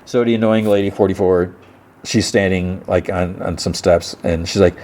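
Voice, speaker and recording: A man's voice: sits low, steady tone, moderate pace, darkish tone. A man hosting a podcast, casually retelling a TV episode in a rambling way, stumbling and repeating words. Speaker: podcast host.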